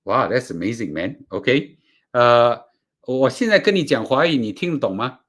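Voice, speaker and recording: A man's voice: medium pitch, animated, fairly bright tone. Man with a Singaporean accent. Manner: playful, halting, loose Singlish phrasing. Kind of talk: casual chat with a voice assistant.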